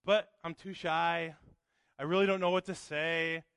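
A man's voice: on the high side, steady tone, unhurried, gravelly, a bit bright, clear, resonant tone, no room sound, voice pushed down. A man voicing a shy, timid churchgoer who rambles hesitantly through his excuses. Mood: sheepish.

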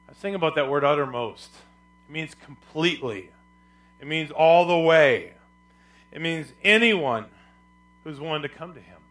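A middle-aged man preaching a sermon as pastor, dropping soft and low then rising loud, and calling on the congregation to answer back.

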